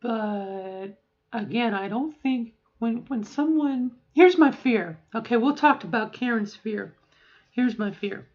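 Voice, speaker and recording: A woman's voice: fairly high pitch, slow, muffled recording. A middle-aged woman talking casually in a voice-training vlog, rambling and often checking in with "okay?". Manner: rambling, keeps adding "okay?". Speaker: vlogger.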